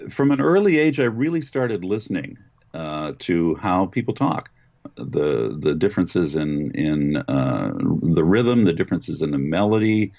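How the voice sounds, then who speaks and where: A man's voice: sits low, sing-song, a little slow, gravelly, a little mellow, dry recording. An older man from Western Pennsylvania working as a voice actor, answering interview questions in a thoughtful, reminiscing way with hesitant fillers. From Western Pennsylvania, United States. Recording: dull, lo-fi remote audio, dry.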